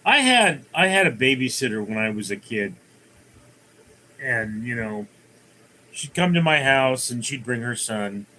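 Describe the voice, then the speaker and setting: A man's voice: medium pitch, big pitch swings, unhurried, long pauses, bright, forceful tone, slight background noise, rough recording. A man hosting a casual livestream, rambling through viewer comments and telling jokes. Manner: rambling, many fillers and restarts, tells jokes. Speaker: livestream host.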